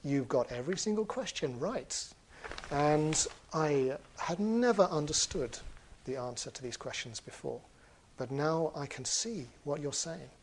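A man voicing a man-eating troll who has been humbled and speaks in halting, fumbling words. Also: a little high, animated, a little hiss or hum. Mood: awed.

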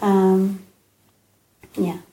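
Gentle reflective woman giving a dharma talk. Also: medium pitch, little pitch movement, very slow. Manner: gentle, reflective, many fillers. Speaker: Buddhist dharma speaker. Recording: echoey room with faint ambience.

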